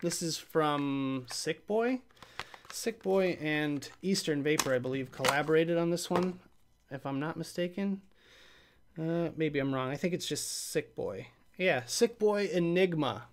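A man's voice: a little high, a little slow, noisy background. Chatty man hosting a live stream. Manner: chatty and rambling, reacts to chat, trails off and restarts. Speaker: host of a live vape review show. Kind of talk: casual live-stream chat, unboxing mail.

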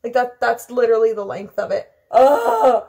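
A woman's voice: on the high side, steady tone, fast, creaky, a little mellow, low-quality recording. A young woman chatting in a casual vlog, dramatic and self-mocking, with frequent gasps and exclamations. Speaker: beauty vlogger.

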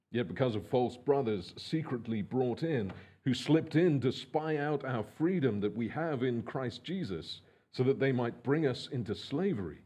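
A man preaching a sermon in church, earnest and measured, with frequent fillers and restarts. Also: medium pitch, dark tone, slightly rough. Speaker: pastor.

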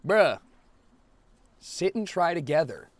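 A young man giving profane, excitable let's play commentary as a gaming video host, now and then bursting into shouts. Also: fairly high pitch, takes it slowly, a little hiss or hum.

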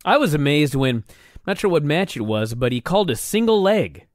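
A man with a fairly high voice and a lively pitch talks through wrestling history in casual podcast chat. He muses, pushes back and reacts quickly. The recording is close and dry. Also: no echo. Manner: musing, argumentative, quick to react. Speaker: podcast co-host.

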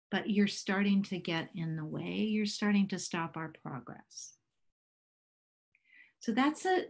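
Slow-speaking woman in her fifties. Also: medium pitch. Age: 50s. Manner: calm, encouraging, counts breaths slowly. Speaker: workshop presenter. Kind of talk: guided talk and breathing exercise.

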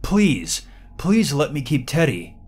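A man's voice: medium pitch, expressive, moderate pace, a little mellow, breathy edge, soft background music. A man voicing a grown man who acts like a needy child, whining and pleading in a raised voice. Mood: whiny pleading. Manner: whiny, pleading.

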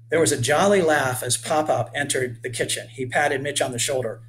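A man reading his children's book aloud in a clear, measured storytelling manner. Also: mid-range voice, a bit bright, a little hiss or hum, low-quality recording.

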